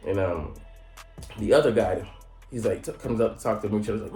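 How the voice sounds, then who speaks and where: A man giving a casual, slangy recap of an anime episode. He laughs often and jumps into high mock voices. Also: expressive, fast, a little mellow. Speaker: anime reviewer. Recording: roomy echo with faint music.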